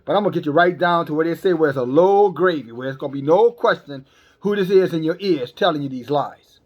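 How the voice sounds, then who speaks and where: A man's voice: on the high side, fast talker, highs cut off. A man preaching a sermon in a blunt, emphatic, scolding way, often repeating words as he stumbles. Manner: scolding, calls listeners sisters and brothers.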